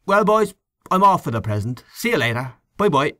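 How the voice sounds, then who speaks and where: A man's voice: fairly high pitch, sing-song, normal speed, fairly bright tone, dry recording, studio quality, voice pushed up. A man voicing a sardonic, teasing visitor in a storybook reading.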